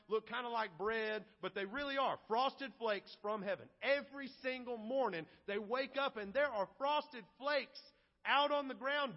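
A man preaching a sermon as pastor, animated and acting out the grumbling voices of the people. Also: sits high. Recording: lo-fi recording with long hall reverb.

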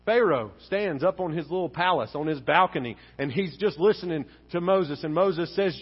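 A male pastor preaches with a very high-pitched voice, animated and theatrical. His voice rings with long reverb through a church hall. The recording is a bit dull and muffled. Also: a little fast, hardly any pauses, husky. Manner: animated preaching, acting out dialogue. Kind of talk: sermon. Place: church sanctuary. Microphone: wearing a face mask.

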